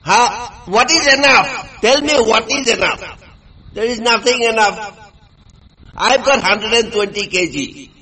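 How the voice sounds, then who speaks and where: A crude, boastful man rambles along at a slow, dragging pace. He sounds tipsy and stumbles over constant fillers, and his voice is high and bright. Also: poor audio. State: tipsy from drinking. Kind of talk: rambling monologue.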